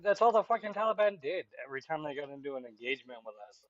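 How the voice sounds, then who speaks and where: A man's voice: on the high side, expressive, very fast, muffled recording, over a noisy crowd. A man on a livestream debate, mocking and combative. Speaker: debate guest. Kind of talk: heated political debate.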